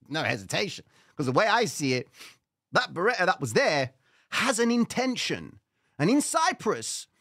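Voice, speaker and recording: A man hosting a live stream, telling a dramatic personal story with lively slang. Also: mid-range voice, no room sound, studio quality. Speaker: trading show host.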